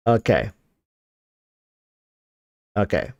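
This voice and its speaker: A man's voice: mid-range voice, sing-song, a little slow, no echo, studio quality. A man chatting casually on a livestream, rambling with lots of fillers and restarts, reading viewer comments. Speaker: streamer.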